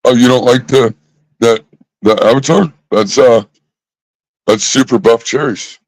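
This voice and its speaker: A man in a casual vlog rant, exasperated and heavy on the swearing as he circles back to the same points. His voice sits at an ordinary middle pitch. The sound is dry, with no room echo. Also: a little slow, darkish tone. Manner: exasperated, profane, repeats himself. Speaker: vlogger.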